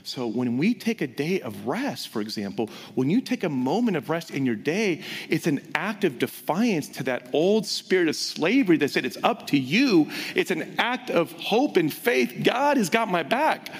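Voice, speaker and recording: A pastor delivering a lively sermon, his somewhat high voice leaping up and dropping to near whispers. He is heard through the long reverb of a church hall. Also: normal speed, hardly any pauses, breathy edge. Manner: animated, swings between loud emphasis and hushed whispers. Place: church sanctuary.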